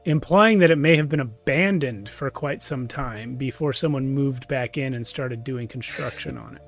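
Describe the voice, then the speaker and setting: A man narrating as game master of a tabletop game, relaxed and chatty, livening up during action. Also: on the high side. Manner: relaxed, with fillers and restarts, lively when describing action.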